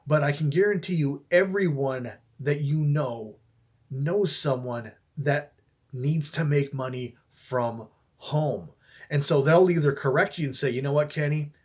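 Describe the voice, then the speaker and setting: Husky-voiced man coaching casually. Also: fairly high pitch, measured pace. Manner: relaxed, conversational, many fillers and restarts. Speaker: network marketing coach. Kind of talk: casual coaching talk to camera.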